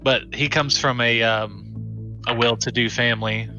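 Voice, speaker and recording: A man with a Southern American accent talks in a relaxed, rambling way, his tone bright and forceful. Faint music plays behind him. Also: mid-range voice, measured pace, dull audio. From Southern United States. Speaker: player. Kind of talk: casual chat between game sessions.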